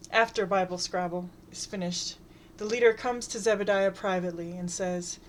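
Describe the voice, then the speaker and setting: A woman reading a comic story aloud in a wry, deadpan way. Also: mid-range voice, moderate pace, slight background noise. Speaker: reader.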